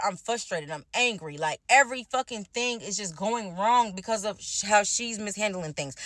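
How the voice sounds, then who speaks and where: Fast-talking, cursing woman telling a story. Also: medium pitch, fairly bright tone, no room sound. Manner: fast, heavily profane venting. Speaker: storytime vlogger. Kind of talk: casual storytime rant.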